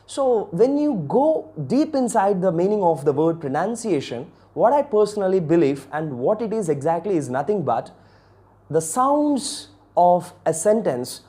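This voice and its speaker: A man's voice: high voice, mellow. A man hosting a video lesson on English, speaking formally and earnestly and repeating key words for emphasis. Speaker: channel host and English teacher.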